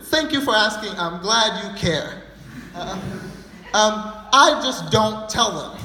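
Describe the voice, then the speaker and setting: A man's voice: sits high, bright, forceful tone, a little hiss or hum. A young man performing a stand-up comedy set, telling a rambling story full of fillers. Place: live comedy venue. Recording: echoey hall.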